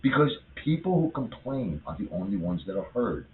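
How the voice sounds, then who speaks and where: A man's voice: lowish voice, big pitch swings, slight background noise. A man in his fifties in a rambling, swearing casual chat about politics. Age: 50s. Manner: rambling, swearing, quick to rant. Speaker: co-host. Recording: echoey room on a tinny phone-like line.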